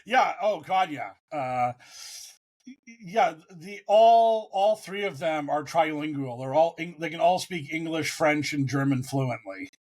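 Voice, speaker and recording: A man's voice: fairly high pitch, measured pace. A man co-hosting a casual sports podcast, rambling and profane as he tells stories. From United States. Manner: rambling, profane, animated storytelling. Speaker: podcast co-host.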